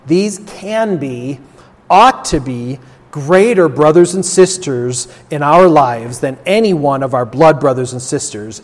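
A male pastor preaches in a slow, deliberate cadence, stacking phrases with steady emphasis. His voice sits a little high for a man. The sound rings with the long reverb of a church sanctuary. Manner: measured, emphatic preaching with lists and repetition. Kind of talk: sermon and closing prayer.

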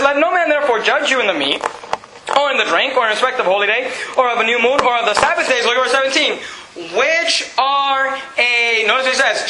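A man preaching a sermon in a church, emphatic and animated, reading verses and breaking off for jokes and asides. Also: high-pitched, a little hiss or hum. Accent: non-standard accent. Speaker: pastor. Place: church sanctuary. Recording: echoey church room.

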